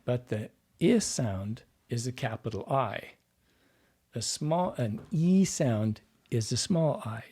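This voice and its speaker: A man's voice: medium pitch, animated, slow pace, dark tone, husky. A man, a dialect coach and podcast guest, explaining at length like a teacher and acting out the sounds he describes. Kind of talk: explanatory interview talk.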